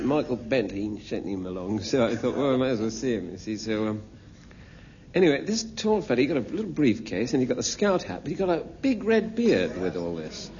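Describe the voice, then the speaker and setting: A man's voice: mid-range voice, darkish tone, highs cut off. Chatty Englishman recalling a story. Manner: chatty, acts out dialogue. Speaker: interviewee. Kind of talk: storytelling anecdote.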